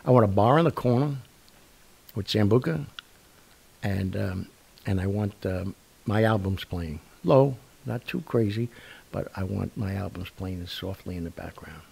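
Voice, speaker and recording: Gravelly older man rambling casually. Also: on the low side, unhurried, a little mellow. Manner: rambling, with many fillers and restarts. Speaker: radio show host. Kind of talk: casual storytelling monologue.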